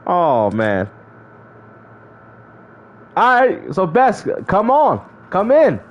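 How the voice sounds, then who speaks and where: A man's voice: sits high, huge pitch swings, very slow, lo-fi sound. A man streaming live, casually bantering and mocking rival gamers, laughing often as he talks. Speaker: gaming streamer.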